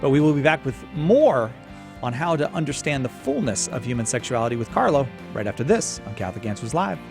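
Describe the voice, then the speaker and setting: A male talk-radio host who keeps things moving with short affirmations and a smooth lead-in to the break. Faint music sits under his middle-pitched voice. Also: very animated, brisk. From Boston. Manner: brief affirmations, then a smooth sign-off to break.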